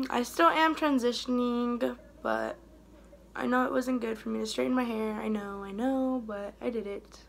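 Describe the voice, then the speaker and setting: Young woman talking thru her makeup routine, kinda high voice, rambly, trails off quiet. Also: fairly even intonation, normal speed, creaky, a little hiss or hum. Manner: chatty, rambling, trails off softly mid-thought. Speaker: beauty vlogger. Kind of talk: casual get-ready-with-me chat.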